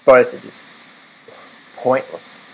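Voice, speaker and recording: In poor audio, a young Australian vlogger speaks slowly with a slightly bright voice. Ranting casually to camera, he rambles, laughs, chats to his dog, and argues his case.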